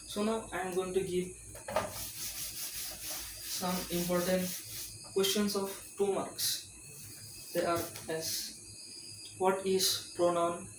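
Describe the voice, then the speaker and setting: A male tutor giving an exam-prep lecture, reading questions aloud and reassuring students in a repetitive way. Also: high voice. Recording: roomy, distant mic with loud insect noise.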